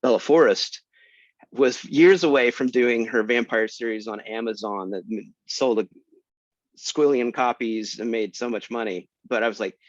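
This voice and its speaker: A man telling a story as a guest author, animated and self-mocking, with sudden jumps in pitch for emphasis, heard over a video call. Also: normal speed, no echo. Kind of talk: casual storytelling talk. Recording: dry, muffled lo-fi.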